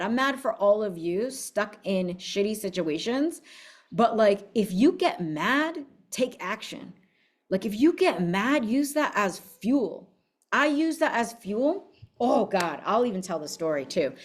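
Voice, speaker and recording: Woman business coach, casual motivational talk, mid-pitched, brash, profane, fired up. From United States. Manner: blunt, profane, fiery storytelling.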